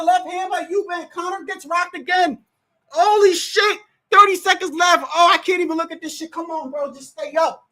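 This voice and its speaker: High-pitched streamer hollering and cursing through a live fight watch-along. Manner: excitable, shouts and exclaims often; swears freely, talks to fighters and referee. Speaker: livestream host.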